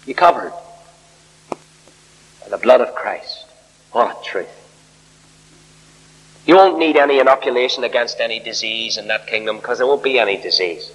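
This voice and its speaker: Older preacher in reverberant hall. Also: male voice, moderate pace, long pauses, husky. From Northern Ireland. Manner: emphatic, rising to loud peaks then dropping low. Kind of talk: sermon.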